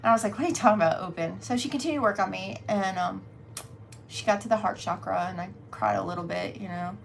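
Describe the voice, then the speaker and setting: A woman's voice: mid-range voice, lively intonation, quick pace, gravelly, a little hiss or hum. A middle-aged woman tarot reader telling a story on a casual livestream. She is chatty, laughs often, and talks straight to her viewers.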